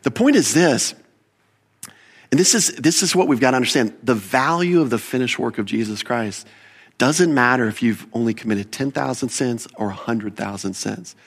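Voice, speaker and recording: A man preaching a sermon as pastor, with animated emphasis, rhetorical questions and quick self-corrections. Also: mid-range voice, slightly rough.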